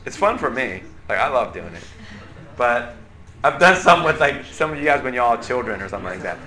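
Bright-voiced man teaching a Bible class. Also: medium pitch, big pitch swings, a little fast. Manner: chatty, checks in with the class often. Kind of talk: casual Bible lesson. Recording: roomy echo, faint room noise.

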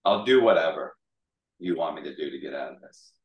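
A man's voice: extremely low pitch, expressive, brisk, lo-fi sound, voice pushed down. A man voicing a complaining, self-pitying male prophet in a mock-dramatic tone. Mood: whiny. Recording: echoey room, mic far off.

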